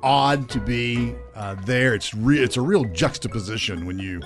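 A man's voice: mid-range voice, moderate pace, music in the background. A man in his sixties, co-hosting with playful, wry banter. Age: 60s. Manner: wry, playful, savors foreign words. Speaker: radio show co-host. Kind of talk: casual studio banter.

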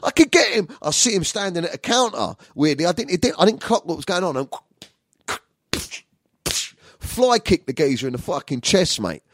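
A man telling an animated, profanity-heavy story in slangy everyday speech as a vlogger. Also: on the high side, fast talker. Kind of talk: storytelling monologue.

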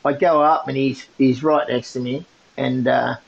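A man's voice: mid-range voice, moderate pace, vocal fry. A man telling a story in a casual chat, laughing often as he goes. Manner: laughing often, animated retelling. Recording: muffled lo-fi sound.

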